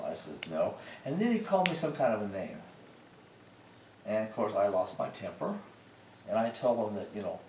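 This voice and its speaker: A man's voice: on the low side, a little fast. An older man, a military veteran, telling folksy stories from his service days in a casual interview. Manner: folksy, animated when recounting arguments. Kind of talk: casual storytelling. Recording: roomy, distant mic with faint noise.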